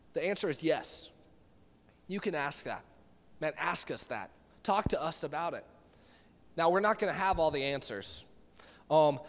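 High-voiced young man preaching in a reverberant hall. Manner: casual, conversational, many fillers and restarts. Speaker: youth pastor. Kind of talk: sermon. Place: church meeting room.

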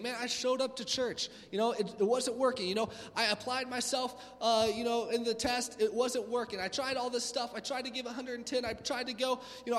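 A man preaching an energetic, conversational youth sermon in a church hall, acting out little voices. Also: very high-pitched. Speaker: youth pastor. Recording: long hall reverb.

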